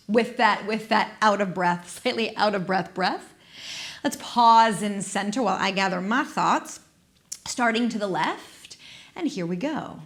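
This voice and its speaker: Gentle, playful woman guiding exercise. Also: mid-range voice, animated, a little slow. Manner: gentle, playful, encouraging, with soft laughs. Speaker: movement instructor. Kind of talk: guided exercise class. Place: studio. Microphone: dedicated microphone.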